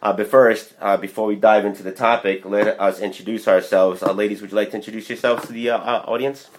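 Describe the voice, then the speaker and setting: Man, comedy show host, joking innuendo, halting fillers, faint background hiss. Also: lowish voice, steady tone. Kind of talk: comic mock radio interview. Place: indoors in Vermont.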